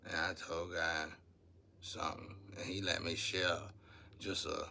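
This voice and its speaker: A man's voice: sits low, little pitch movement, unhurried, gravelly, sharp tone, a little hiss or hum. A man, talking to his viewers in a rambling, preachy monologue about spiritual matters.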